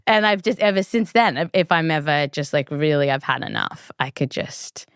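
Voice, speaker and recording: An Australian podcaster with a low, expressive, slightly bright and clean-toned voice tells a story fairly quickly. She chats along with many likes and ums, recorded in studio quality with no room sound.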